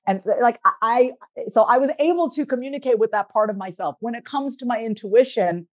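Reflective woman talking calmly as a guest. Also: on the high side, fairly quick. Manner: reflective, explains in a steady teaching way. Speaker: podcast guest, therapist and author. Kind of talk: casual interview talk.

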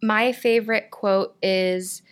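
A woman's voice: mid-range voice, steady tone, takes it slowly, clear, resonant tone. Easygoing woman guest from the South. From American South. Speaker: guest, voice actor. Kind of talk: casual interview.

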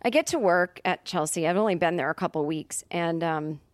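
A woman comedian spins a casual, rambling story as a podcast guest. She circles back with fillers and self-corrections. Her voice sits a little low and the sound is dry and close. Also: brisk, no echo.

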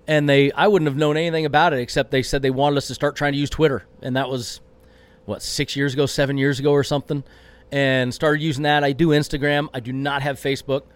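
A man answering interview questions in an energetic, brash way, rambling with restarts. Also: medium pitch, quick pace. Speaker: racing driver guest.

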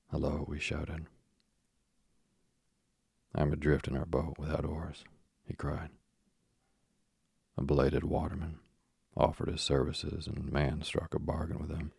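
A man narrating a first-person story in a measured, steady storytelling manner. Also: extremely low pitch, gravelly, husky, dry recording, clean studio sound. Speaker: audiobook narrator.

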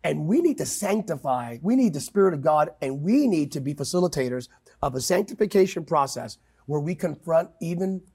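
Brief: male pastor guest, high gravelly voice, emphatic preaching cadence. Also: lively intonation, a little fast, a little mellow. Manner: emphatic, quotes scripture, swings pitch widely. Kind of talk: impassioned preaching in conversation.

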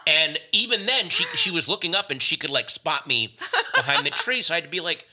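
A man co-hosting a casual chat, telling a story about himself in a relaxed, self-mocking way. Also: a little high, a little fast, a little hiss or hum. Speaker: podcast co-host.

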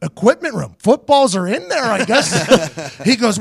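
A man hosting his podcast, telling a story in a casual, animated and profane way, laughing often. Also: high voice, measured pace, vocal fry, breathy edge. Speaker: host.

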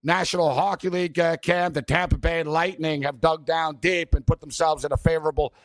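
A man's voice: fairly high pitch, steady tone, a little fast, no room sound, clean studio sound. A man hosting a sports betting talk show, rambling casually with many fillers.

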